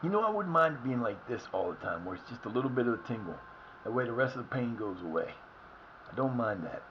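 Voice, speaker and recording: A man streaming a football management game live, cursing and shouting at his players. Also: medium pitch, quick pace, muffled recording, slight background noise. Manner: animated, swears, yells at the game. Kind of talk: live gameplay commentary.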